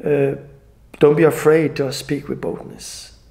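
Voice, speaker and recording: Gravelly, tearful man, earnest and halting. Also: a little high, little pitch movement, darkish tone. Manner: earnest, halting, non-native phrasing. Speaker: evangelist. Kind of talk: emotional personal video message.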